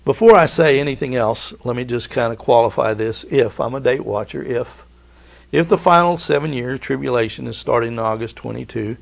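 A middle-aged man delivers a prophecy sermon with a gravelly edge to his voice. He preaches emphatically, leaning on repeated rhetorical questions and folksy asides. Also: medium pitch.

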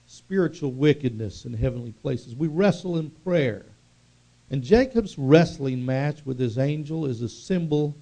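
A man preaching a sermon, emphatic and drawing out key words slowly for weight. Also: mid-range voice, warm tone.

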